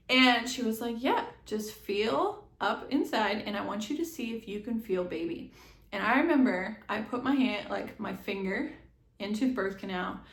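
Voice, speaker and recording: A young woman tells her story straight to the camera in a chatty, animated way, full of quick asides. Her voice sits at an ordinary middle pitch. The room around her sounds noticeably echoey. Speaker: vlogger telling her birth story.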